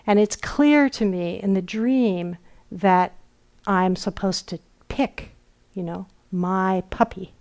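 A middle-aged woman giving a dharma talk as a meditation teacher. She tells stories gently and softly, dropping at times into a near whisper. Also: mid-range voice. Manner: slow, gentle storytelling with soft whispered asides. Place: retreat center meditation hall.

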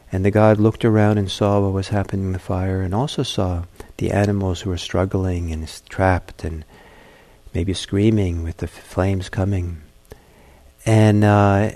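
A man, a meditation teacher, giving a dharma talk and telling a fable in a gentle, halting way. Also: deep voice.

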